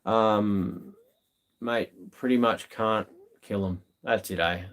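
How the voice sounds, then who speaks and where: An Australian man hosts a live stream, spinning stories in a relaxed, slangy style full of ums. His voice sits on the low side, a bit bright, with fairly even intonation and an unhurried pace. It's casual live-stream chat.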